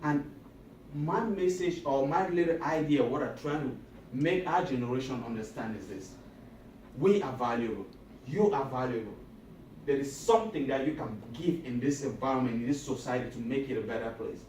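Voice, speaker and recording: A man speaking to high school students in a motivational talk. He is emphatic and repetitive and often asks the audience questions. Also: moderate pace, darkish tone, a little hiss or hum. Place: school auditorium or hall. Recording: echoey room recorded from a distance.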